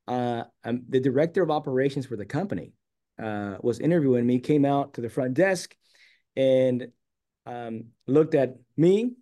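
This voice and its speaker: A man from San Diego, a guest on an interview show, telling a long personal story in a casual way and acting out the quoted lines. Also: mid-range voice. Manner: animated, acts out quoted dialogue.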